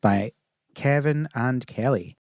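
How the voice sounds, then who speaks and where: A man's voice: mid-range voice, takes it slowly, darkish tone, no echo. A man co-hosting a casual podcast chat, wry and dry in his humour, talking into a close mic. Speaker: podcast co-host.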